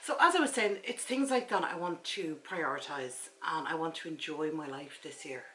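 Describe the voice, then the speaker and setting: Speaking low and animated at a moderate pace, this Irish woman in her forties vlogs from her front room on a camera mic. She tells a story about talking with a friend, voicing the friend's side too, in a slightly bright tone with slight background noise and low-quality sound.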